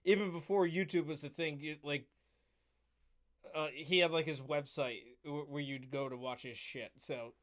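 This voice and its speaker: A man's voice: on the high side, steady tone, normal speed. A man co-hosting a casual podcast chat, talking in a blunt, crude, laid-back way. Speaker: podcast co-host.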